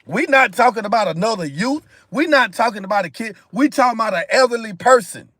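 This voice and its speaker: Emphatic high-voiced man on a livestream. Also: animated, fairly quick, bright, forceful tone, no room sound. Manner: emphatic, repetitive, addresses viewers directly. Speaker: live stream host. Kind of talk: impassioned commentary monologue.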